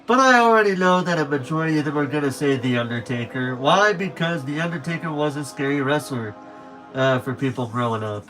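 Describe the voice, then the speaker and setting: Rambling young streamer, slightly high voice. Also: male voice, brisk, sharp tone, faint music behind. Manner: rambling, self-correcting, chatty asides to viewers. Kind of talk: casual late-night stream chat.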